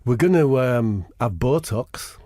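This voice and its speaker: A man's voice: medium pitch, lively intonation, slow pace, mellow, no echo, studio quality. A man co-hosting a comedy podcast, rambling in character, his talk full of 'you know' and 'like'.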